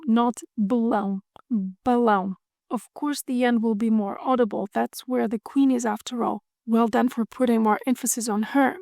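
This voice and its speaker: Woman, language teacher, playful, repeats drills, slightly high, dry close mic. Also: darkish tone, dry recording. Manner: playful, drills words slowly and repeats them. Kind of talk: scripted video lesson.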